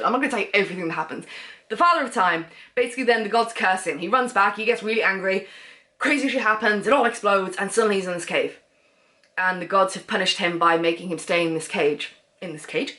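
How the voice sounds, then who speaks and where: A woman's voice: mid-range voice, a bit bright. A woman chatting casually about books in a reading wrap-up, rambling and losing her train of thought. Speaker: book vlogger.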